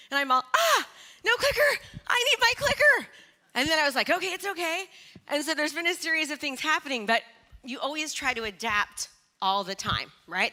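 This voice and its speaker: A middle-aged woman giving a live motivational speech on stage, energetic and chatty, asking the audience questions. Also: sits high. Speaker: motivational speaker.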